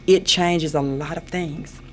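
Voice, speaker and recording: A woman's voice: low voice, steady tone, a little slow. An older woman, a senior pageant queen, answering radio interview questions in an earnest way, often repeating her phrases. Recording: AM radio broadcast with faint noise.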